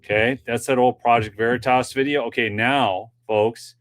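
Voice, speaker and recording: A man's voice: mid-range voice, steady tone, moderate pace, fairly bright tone, slight background noise. A man hosting a political commentary livestream, chatting directly with his viewers in a loose, rambling way with many fillers. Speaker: political commentary show host.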